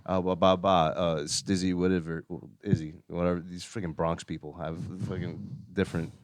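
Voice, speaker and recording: A man's voice: deep voice, flat delivery, moderate pace, no room sound, studio quality. A man chatting casually on a podcast, playful, laughing often and swearing freely. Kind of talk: casual chat.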